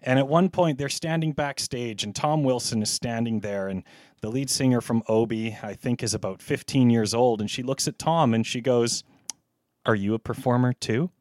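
Halting podcast host, man. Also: medium pitch, a little mellow, no echo. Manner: halting, lots of fillers and restarts. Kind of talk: casual podcast interview.

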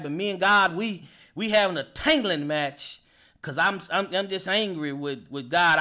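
A man in his forties telling a personal testimony as a podcast host, emotional and halting, often repeating words as he speaks. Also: on the high side, pushed and bright. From Kentucky. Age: 40s.

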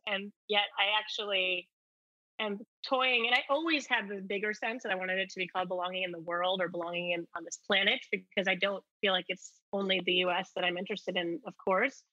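Woman guest, reflective and earnest, deep morning voice, crisp tense tone, dry muffled lo-fi line. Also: steady tone, fairly quick, sharp tone, dry recording. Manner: earnest and reflective, many fillers. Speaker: documentary filmmaker guest. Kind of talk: conversational interview answer.

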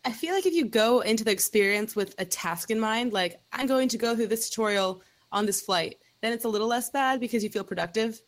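A woman's voice: fairly high pitch, brisk, hardly any pauses. A woman hosting a podcast, chatting in an upbeat way and summing up tips. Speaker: podcast host. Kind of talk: casual podcast chat.

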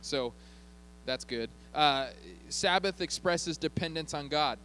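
A man's voice: a little high, takes it slowly, sharp tone, slight background noise, rough recording. Joking, conversational male pastor preaching. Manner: conversational, joking, checks in with the congregation. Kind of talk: sermon. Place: church.

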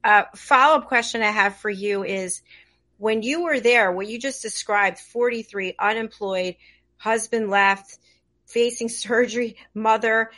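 A woman's voice: medium pitch, fairly bright tone. A woman interviewer asking long, winding questions in an effusive, searching manner.

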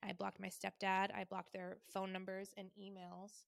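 A woman in her thirties hosting a podcast, telling a personal story in a wry, quiet, conversational way. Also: mid-range voice, completely flat delivery, moderate pace, gravelly, dry recording. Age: 30s. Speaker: podcast host.

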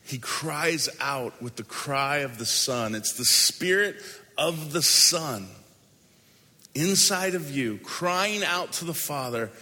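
Male pastor, sermon delivery, conversational but emphatic, bright tone, big reverberant hall. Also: on the high side, lively intonation. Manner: conversational, emphatic, shifts between quick asides and slow stressed phrases.

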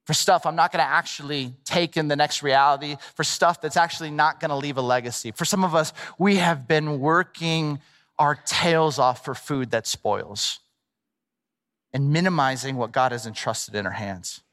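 Animated man preaching in a hall. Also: a little high, moderate pace. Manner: animated, conversational, playful asides. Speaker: pastor. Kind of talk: sermon. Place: large church hall. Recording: long reverb of a large hall.

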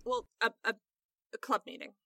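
A woman's voice: on the high side, normal speed, creaky, pushed and bright, no echo, heavily acted. A woman voicing a friendly, outgoing young woman who is hosting a party, chatty and teasing, in a tabletop game. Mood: upbeat.

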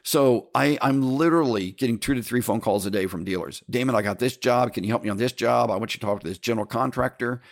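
A middle-aged man telling a casual business story to his listeners, lively and animated, laughing now and then. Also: mid-range voice, fast, gravelly, hardly any pauses.

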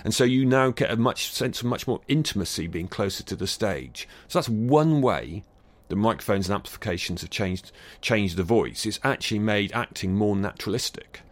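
A man's voice: lowish voice, animated, normal speed, no echo. A man with a mild received-pronunciation British accent, explaining things thoughtfully as an interview guest, with fillers and restarts. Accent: near-received pronunciation British. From Britain. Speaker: guest expert on acoustics. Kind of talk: conversational interview answers.

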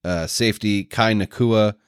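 A man co-hosting a sports podcast, breaking down signings in a rambling, energetic way. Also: fairly low pitch, measured pace, clear, resonant tone, no echo, studio quality. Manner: energetic, rambling analysis with restarts. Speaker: podcast co-host. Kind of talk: casual sports talk.

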